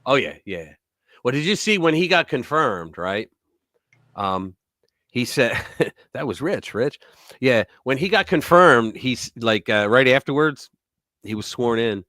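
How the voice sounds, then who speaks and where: Animated bright-voiced male stream host. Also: medium pitch, measured pace, dry recording, studio quality. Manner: animated, joking, reads articles aloud. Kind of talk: casual commentary chat.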